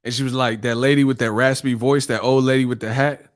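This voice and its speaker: A man's voice: mid-range voice, fairly even intonation, quick pace. A male channel host in a casual live-stream chat, telling stories animatedly and laughing often.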